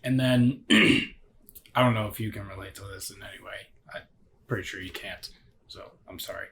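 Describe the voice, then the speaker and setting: A man's voice: lowish voice, normal speed, a bit bright, slight background noise. A man in a casual tasting chat, reviewing a beer while he rambles and searches for words.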